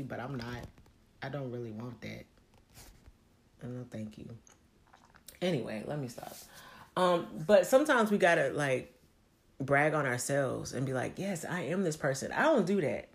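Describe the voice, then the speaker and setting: A woman vlogger giving a casual motivational monologue, candid and profane, rambling, with bursts into high excited tones. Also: moderate pace, vocal fry, long pauses, slight background noise.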